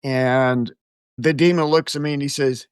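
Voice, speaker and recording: A man's voice: mid-range voice, unhurried, smooth, no echo, clean studio sound. An older American man, an exorcist guest, telling stories in an interview with frequent chuckles. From United States. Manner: animated storyteller, chuckles often. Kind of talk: storytelling interview answers.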